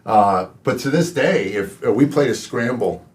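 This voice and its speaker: A man's voice: medium pitch, animated, unhurried. A middle-aged man hosting a comedy podcast, rambling through stories and laughing at his own tales. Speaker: podcast host.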